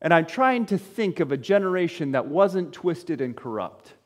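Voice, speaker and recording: A man preaching a sermon to his congregation, firing off rhetorical questions and swinging between loud exclamations and quiet, low asides. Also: big pitch swings, moderate pace, big-room sound. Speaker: pastor.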